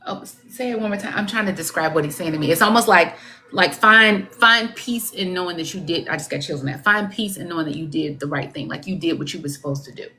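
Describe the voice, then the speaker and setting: Halting psychic medium woman on a live stream. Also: on the low side, pushed and bright. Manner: halting, searching for words, coaxing; relays messages with swoops up into quoted speech. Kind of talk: live-stream spirit reading.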